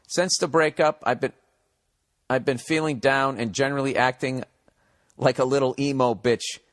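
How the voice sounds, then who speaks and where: A man's voice: mid-range voice, fairly bright tone. A middle-aged man ranting on a comedy podcast, profane and sarcastic as he reads and answers a listener's letter. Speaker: podcast host.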